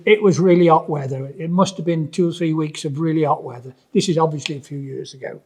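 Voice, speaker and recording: A man's voice: fairly high pitch, darkish tone, breathy edge. A man, a tradesman co-hosting a podcast, telling a story in a rambling, hesitant way. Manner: rambling, hesitant, lots of fillers and restarts. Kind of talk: casual chat.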